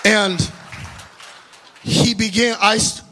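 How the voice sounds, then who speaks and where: A man preaching a storytelling sermon, animated and laughing at his own asides, addressing the congregation directly. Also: high-pitched, takes it slowly, a faint crowd, a little hiss or hum. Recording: live sermon with long hall reverb.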